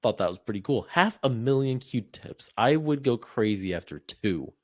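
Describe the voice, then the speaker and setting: A man's voice: mid-range voice, expressive, moderate pace, dry recording, clean studio sound. A man co-hosting a podcast, chatting casually, laughing often and telling stories with animation. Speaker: podcast co-host. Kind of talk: casual chat.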